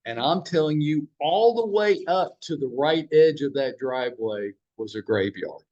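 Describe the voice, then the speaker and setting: A man who runs a real estate office leads a training huddle for his agents, telling blunt stories, swearing mildly, and firing rhetorical questions at the room. His voice sits on the high side and sounds expressive and unhurried, with a darkish tone. The recording is lo-fi.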